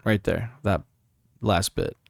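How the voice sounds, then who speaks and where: A man's voice: on the low side, slow, vocal fry. A man in casual podcast chat, bantering and joking playfully with his co-hosts. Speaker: podcast co-host.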